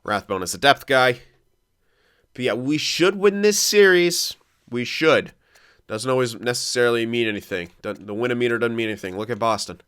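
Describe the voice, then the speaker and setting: A young man with a smooth, clear, mid-pitched voice talks through his hockey video game as he plays. He thinks aloud, gets excitable and swears freely. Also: moderate pace. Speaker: gaming commentator. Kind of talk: casual gameplay commentary.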